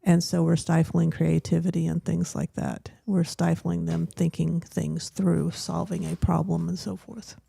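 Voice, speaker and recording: A woman guest on a talk show, explaining her views in a measured way. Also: fairly low pitch, little pitch movement, gravelly, mellow, breathy edge, dry recording. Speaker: guest, school owner.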